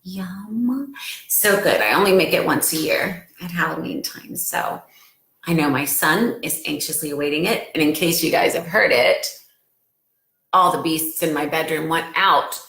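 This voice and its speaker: A woman's voice: low-pitched, moderate pace, creaky, a bit bright, echoey room. A woman in her forties talking casually and earnestly to her followers on a live stream from home, getting emotional as she speaks. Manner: emotional, earnest, gets choked up.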